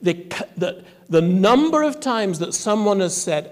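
Man, clergy speaker, slightly raised voice, wry, measured, long hall reverb. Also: sits high, big pitch swings, a little mellow. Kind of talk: reflective sermon talk. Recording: echoey hall from afar.

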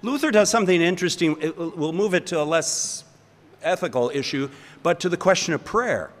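A man's voice: on the high side, expressive, fairly quick, big-room sound. An older man teaching a seminar, talking in a thoughtful, rambling way with restarts and chuckles. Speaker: seminary professor. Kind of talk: lecture with audience questions. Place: lecture hall.

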